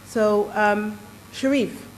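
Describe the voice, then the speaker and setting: A woman's voice: medium pitch, fairly even intonation, extremely slow, slight background noise, low-quality recording. Woman with a cold moderating a panel. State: has a cold, slightly muffled. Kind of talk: conference moderating. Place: conference hall.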